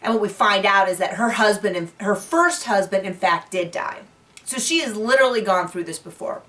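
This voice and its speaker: A woman's voice: mid-range voice, normal speed, a bit bright, recorded from a distance. A woman recapping a reality TV episode in casual, chatty talk, laughing often and full of fillers and restarts. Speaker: recap show host.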